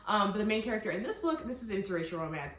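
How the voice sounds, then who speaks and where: A young woman chats excitedly about books she loved, gushing and tossing in quick asides and fillers. Her voice sits at an ordinary pitch for a woman. The room rings with noticeable echo, and faint music plays behind her. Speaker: book vlogger. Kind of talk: casual book review chat.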